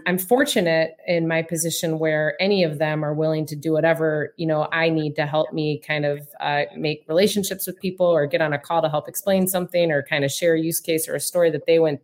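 A woman co-hosting a casual chat, rambling with many ums and restarts. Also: low voice.

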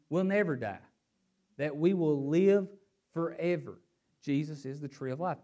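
A male preacher with a slightly high voice delivers a sermon and reads scripture aloud. His emphasis rises and falls, and he sometimes repeats words while he gathers his thoughts. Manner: animated, rising and falling emphasis.

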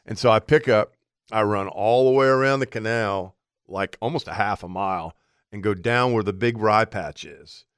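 Male radio co-host who tells long stories vividly; smooth, clear tone, close dry mic. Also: lowish voice, moderate pace, no room sound. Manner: animated storyteller acting out his own thoughts. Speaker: radio outdoor show co-host. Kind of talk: storytelling on talk radio.

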